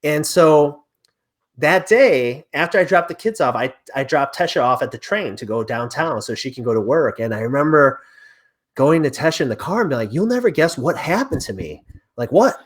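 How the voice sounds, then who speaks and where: A man in his thirties, a real estate agent as a podcast guest, telling a personal story in a lively, animated way and acting out the dialogue. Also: mid-range voice, moderate pace. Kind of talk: conversational storytelling interview.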